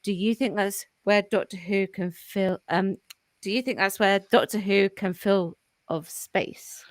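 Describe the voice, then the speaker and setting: A woman's voice: mid-range voice, steady tone, measured pace, dry recording. A woman co-hosting a podcast, reading a passage aloud in a careful, hesitant way. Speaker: podcast co-host.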